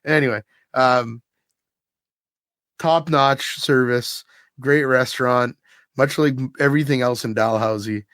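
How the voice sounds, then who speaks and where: In a casual podcast chat, a man retells his weekend with easy animation, breaking into laughter at points. His medium-pitched voice is unhurried and he pauses often, recorded dry without room echo.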